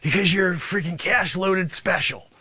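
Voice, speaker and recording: A man doing an improv character of a boastful, greedy male karate sensei who scolds and shouts at his students. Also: sits high, moderate pace, breathy edge, no room sound, heavily acted. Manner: loud, scolding, shouting bursts. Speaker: improv comedian. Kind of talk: improv comedy sketch.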